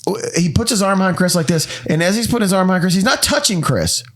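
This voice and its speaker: A man in his thirties hosting a podcast, telling a story in casual chat with swearing and quick asides. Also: sits high, a bit bright. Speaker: podcast host.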